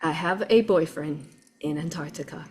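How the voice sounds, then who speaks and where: A woman vlogger telling a travel story in an excited, chatty way, often laughing and calling her viewers "you all". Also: sits low, normal speed, husky. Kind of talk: animated storytelling vlog.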